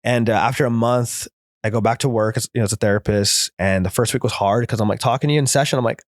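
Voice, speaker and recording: A man, a therapist in recovery, telling his personal story as a guest in earnest, rapid present-tense bursts. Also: mid-range voice, steady tone, no echo, studio quality.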